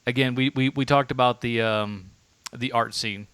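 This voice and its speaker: A man co-hosting a casual movie-review podcast, talking haltingly with many restarts and frequent laughs. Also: mid-range voice, fairly even intonation, fairly bright tone, smooth, dry recording. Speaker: podcast co-host.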